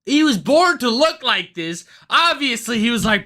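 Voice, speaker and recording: A male streamer ranting casually on a livestream, profane and excitable, rambling from one thought to the next. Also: very high-pitched, moderate pace.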